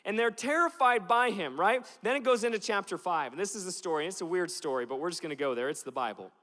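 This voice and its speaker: A man from Alaska preaching a passionate sermon in a church, moving from slow, weighty lines to animated storytelling. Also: high-pitched. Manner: passionate, builds from slow emphatic lines to loud animated retelling. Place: church auditorium. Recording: long hall reverb.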